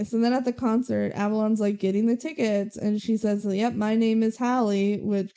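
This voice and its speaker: A young woman with a mellow, warm-toned voice recapping a film for a podcast. She talks in a loose, chatty way, throwing in sarcastic asides as she goes. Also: mid-range voice, creaky, clear, resonant tone. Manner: chatty, sarcastic, quotes characters in passing. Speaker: podcast co-host. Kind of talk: casual movie recap chat.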